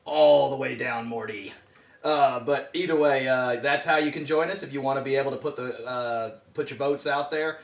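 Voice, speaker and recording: A man's voice: medium pitch, moderate pace, gravelly. A man co-hosting a wrestling podcast, talking casually in a rambling way with lots of fillers. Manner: rambling, filler-heavy, relaxed. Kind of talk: casual chat, predictions. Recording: roomy, distant, dull mic.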